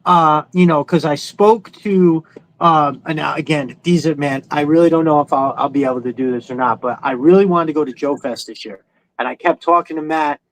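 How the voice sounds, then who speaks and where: A man's voice: on the high side, fairly quick, rough recording. A man from New York with a New York accent, hosting a podcast and telling long, rambling stories in casual chat, swearing freely. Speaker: podcast host.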